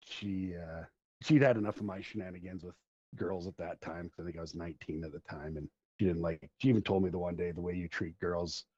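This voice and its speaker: A deep, dark voice with a breathy edge and no echo belongs to a middle-aged podcast host from Central Alberta, Canada. He drifts through long stories in casual conversation, laughing as he talks, in a dull lo-fi recording.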